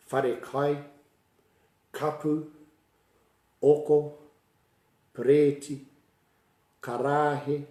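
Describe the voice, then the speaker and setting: Mellow New Zealand man teaching te reo. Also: medium pitch, reverberant. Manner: chatty, laughs often, mixes in Māori words. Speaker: Māori language tutor. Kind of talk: casual livestream lesson with storytelling.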